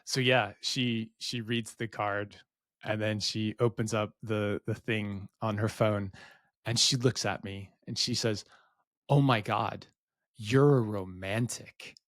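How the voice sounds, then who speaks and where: A man's voice: on the low side, little pitch movement, a little slow, fairly bright tone, no room sound, clean studio sound. A middle-aged man co-hosting a podcast, telling a rambling, self-deprecating story and acting out the dialogue. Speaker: podcast co-host. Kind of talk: candid storytelling.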